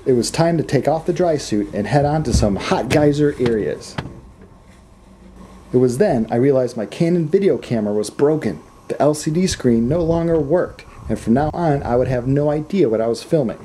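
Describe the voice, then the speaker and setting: A man from the United States narrates his own travel video, poking fun at himself along the way. His voice moves up and down in a lively way and stays warm and mellow in tone. A faint hiss sits beneath the recording. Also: medium pitch, normal speed. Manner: wry, self-mocking humor. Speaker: travel vlogger.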